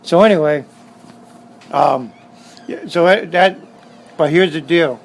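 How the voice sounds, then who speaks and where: A middle-aged man with a Southern Californian accent, his voice sitting a little high, telling stories in a blunt, streetwise way and hammering his points with repetition. He talks casually in his motorcycle shop, with a faint ambient hum behind him. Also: takes it slowly, creaky, poor audio. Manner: blunt, streetwise, repeats himself. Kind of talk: casual storytelling interview.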